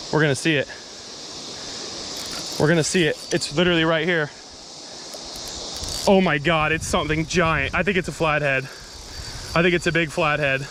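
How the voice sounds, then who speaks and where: A young man giving excited, breathless running commentary as he fights a fish by a river outdoors. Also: on the high side, noisy background. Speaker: fishing vlogger. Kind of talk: live fishing commentary.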